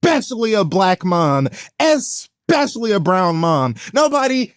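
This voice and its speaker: A man co-hosting a podcast who tells stories with animated, profane flair and acts out the other people in them. His voice sits somewhat high for a man. The sound is dry and close, with no room around it. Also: measured pace, clear, resonant tone, dry recording. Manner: animated, profane storytelling with mock quotes. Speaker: podcast co-host. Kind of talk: casual podcast chat.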